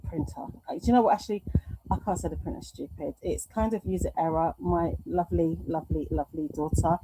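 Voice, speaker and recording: A woman's voice: fairly low pitch, background noise. A middle-aged woman hosting a live stream at home, chatting and reading out viewer comments in a rambling, affectionate way. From United Kingdom. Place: home room.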